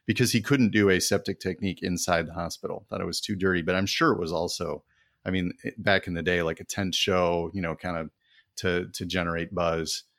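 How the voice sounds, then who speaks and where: A man's voice: deep voice, steady tone, a little fast, a bit bright, dry recording, studio quality. A man co-hosting a podcast, chatty and laughing often as he tells a history story. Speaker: podcast co-host. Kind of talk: casual history chat.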